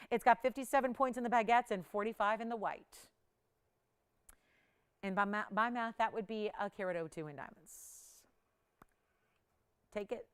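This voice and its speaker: A woman hosting a live home-shopping show, pitching jewelry in an upbeat, urgent, chatty way and counting down prices. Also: smooth.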